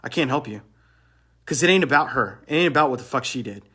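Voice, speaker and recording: A man's voice: mid-range voice, lively intonation, fast, bright, forceful tone, slightly rough. A man coaching other men on relationships in a blunt motivational monologue, swearing and repeating phrases for emphasis.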